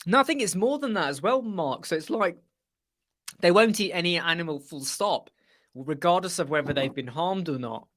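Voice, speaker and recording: A man's voice: sits high, expressive, moderate pace, fairly bright tone. Chatty man hosting a live stream. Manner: chatty, rambling, mimics other people's voices in anecdotes. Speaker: host of a live web chat. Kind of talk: casual live-stream chat.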